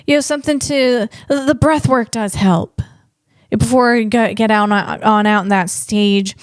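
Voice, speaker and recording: Slow, chatty woman comedian. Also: on the high side, dry recording, studio quality. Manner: rambling, self-deprecating, chuckles at own jokes. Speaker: podcast host and comedian. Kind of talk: casual solo chat.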